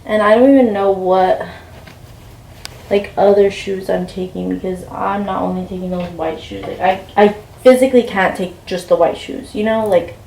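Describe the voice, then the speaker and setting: A woman's voice: mid-range voice, normal speed, gravelly, warm tone, slight background noise. A young woman vlogger telling a rambling story while packing, full of fillers and "like". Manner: chatty, rambling with many fillers and "like". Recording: roomy, mic a bit far off.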